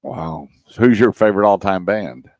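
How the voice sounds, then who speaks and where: A very deep-voiced man, hosting a radio show and spinning playful prank stories. His voice is dry and close to the mic. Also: lively intonation, moderate pace, darkish tone, dry recording. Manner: tells joking prank stories, acting out voices. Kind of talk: casual radio chat and storytelling.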